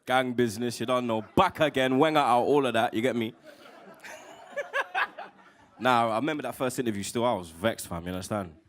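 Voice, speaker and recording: Male fan guest, slangy, animated, medium pitch. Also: a little fast, long pauses. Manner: heavy street slang, animated, laughing asides. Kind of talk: casual chat.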